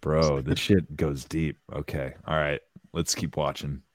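A man's voice: very deep voice, steady tone, unhurried, no echo. A man hosting a podcast and chatting casually about a clip, swearing freely and theorizing animatedly. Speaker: podcast host. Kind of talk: casual chat reacting to a clip.

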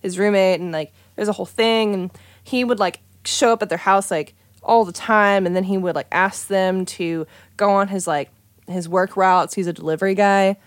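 A woman's voice: mid-range voice, steady tone, normal speed, no echo. A young woman telling a story in casual chat, chatty and profane, with many "like" fillers.

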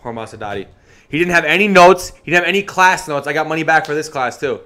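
A man's voice: on the high side, expressive, quick pace, bright, forceful tone. A man co-hosting a podcast, telling a story in a profane, ranting way that keeps repeating phrases. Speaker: podcast co-host.

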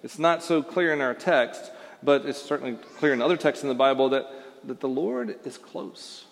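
A male pastor delivers a sermon in an easygoing, conversational way, with fillers and restarts. His voice sits at a middle pitch. It carries the long reverb of a large church hall. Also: normal speed, gravelly.

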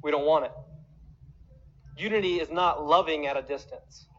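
A man's voice: a little high, normal speed, a bit bright, muffled recording. A man preaching a sermon as pastor, earnest and emotional, acting out quoted voices.

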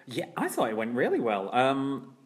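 A man's voice: medium pitch, wildly swooping pitch, moderate pace. A man hosts a loose comedy podcast among friends. His voice sits in a middle register but swings widely as he jokes, and he laughs a lot and trails off into ums. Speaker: podcast host. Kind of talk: casual comedy podcast chat.

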